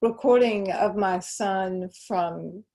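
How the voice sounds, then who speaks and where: Mellow-voiced middle-aged woman speaker. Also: medium pitch, slow. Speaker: guest speaker. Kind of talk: online presentation. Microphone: video call.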